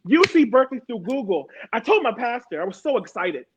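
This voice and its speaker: A woman's voice: fairly high pitch, big pitch swings, a little fast, slightly rough, muffled recording. A woman from Harrisburg, Pennsylvania, giving a personal testimony as a panel guest, emphatic and repeating words for stress.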